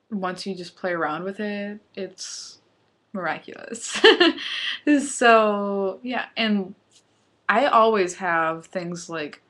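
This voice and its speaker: A woman's voice: lowish voice, fairly bright tone. A young woman chatting casually through a home recipe vlog, laughing often and sometimes talking with her mouth full. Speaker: vlogger.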